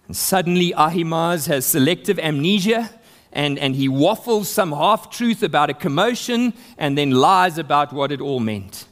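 A man's voice: a little high, lively intonation, moderate pace. A man preaching an expository sermon, reading scripture aloud and building emphasis.

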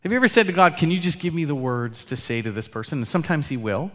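A man preaching a sermon as pastor, earnest, swinging between loud emphatic lines and quiet, soft asides. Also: on the high side, animated, fast. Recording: long hall reverb.

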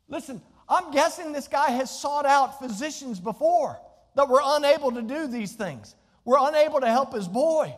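A male pastor preaching in a church sanctuary, his voice sitting unusually high for a man. He calls out questions to the congregation as he retells the scripture story. The sound rings with a long reverb from the hall. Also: normal speed. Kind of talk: sermon.

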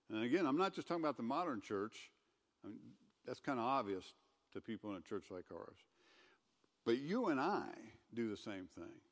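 A man giving a conversational sermon as a pastor, who gets loud and emphatic when he reads scripture aloud. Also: medium pitch, in a large hall. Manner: conversational preaching, rising to loud scripture reading.

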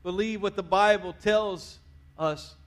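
A man preaching a sermon in a church, talking conversationally, dropping quiet at the ends of phrases and rising to urge the congregation on. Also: high voice, takes it slowly. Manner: conversational preaching, drops to quiet endings, rises to urge the crowd. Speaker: pastor. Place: church sanctuary.

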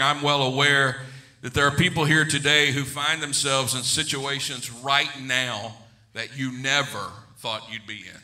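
A man's voice: medium pitch, sharp tone. A middle-aged pastor preaching a sermon to his congregation in a large church, emphatic and joking with his listeners.

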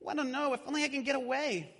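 A man's voice: very high voice, quick pace, a bit bright, pitched above the performer's own voice. A man voicing a frightened, lost little male hobbit in a storybook reading, pleading and panicky. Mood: panicked. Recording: echoey hall.

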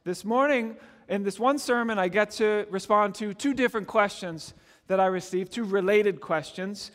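Man, middle-aged, pastor, sermon, conversational, high voice, long church-hall reverb. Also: moderate pace. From Canada. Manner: conversational, earnest preaching with gentle humor. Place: church sanctuary.

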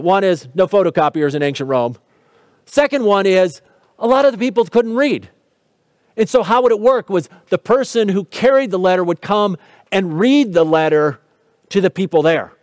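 A man with a high, light voice delivers a teaching sermon, walking listeners through scripture and posing rhetorical questions. His tone carries light touches of humor, and the sound is dry and close with little room echo. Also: darkish tone. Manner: explanatory, asks rhetorical questions. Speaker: pastor.

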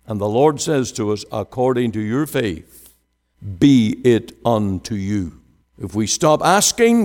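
A male preacher delivering a sermon, swinging from emphatic rising questions to hushed pleading and quoting scripture in old wording. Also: medium pitch. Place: church. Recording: long hall reverb.

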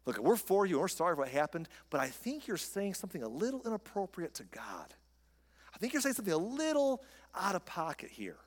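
A preacher in a reverberant hall voicing an earnest, well-meaning male friend who gently corrects a grieving man, in a pleading, reasonable tone. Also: high-pitched, big pitch swings, brisk. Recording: long reverb of a large hall.

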